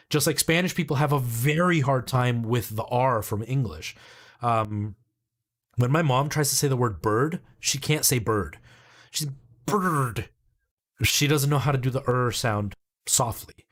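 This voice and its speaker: This thirty-something Canadian man has a mid-range voice. Chatting loosely on a live stream, he wanders through his explanations with plenty of "um" and "like."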